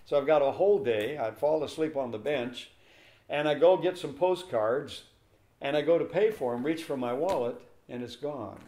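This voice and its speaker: A man's voice: mid-range voice, moderate pace. An older man, a pastor, telling a story in an interview and acting out the voices of the people in it. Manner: animated storyteller acting out dialogue. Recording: echoey room.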